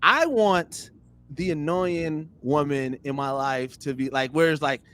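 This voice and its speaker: A young man in casual podcast chat, animated and full of fillers, often circling back with "here's the thing.". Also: on the high side, measured pace, smooth. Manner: animated, repeats "here's the thing" and "you know what I'm saying". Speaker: podcast guest.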